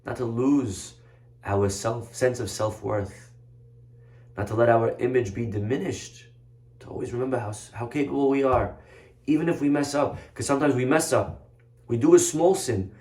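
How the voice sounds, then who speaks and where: Man giving an animated sermon in an echoey room. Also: mid-range voice, moderate pace. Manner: animated, conversational, vivid storytelling. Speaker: rabbi. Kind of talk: sermon storytelling.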